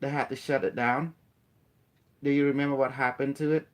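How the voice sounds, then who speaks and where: A man's voice: mid-range voice, fairly even intonation, a little fast, a little hiss or hum. A man giving a casual spiritual talk. He rambles, repeats himself and keeps asking his listener questions. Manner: rambling, repetitive, breaks into playful chanting.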